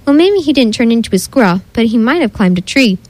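A jittery young boy frets aloud, hesitant and worried, as a woman storyteller puts him on. The voice sits a touch high and sounds close and dry. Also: sing-song, quick pace, darkish tone, no echo. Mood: nervous. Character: nervous, timid young boy who fears bears.

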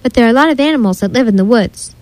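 A woman's voice: a little high, animated, very fast, darkish tone, no room sound, close to an everyday voice. A woman reading a storybook, voicing a skeptical young boy who reasons things out. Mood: matter-of-fact. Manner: dry, reasoning.

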